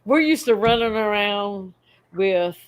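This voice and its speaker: A woman's voice: medium pitch, animated, slow, clear, resonant tone. A woman co-hosting a casual livestream, easygoing, laughing between her words. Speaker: co-host of a fish-keeping livestream. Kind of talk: casual chat.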